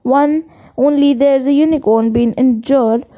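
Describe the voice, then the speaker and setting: A woman voicing a big, gruff male gamekeeper who talks in blunt, rough dialect. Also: high voice, steady tone, a little slow, muffled recording.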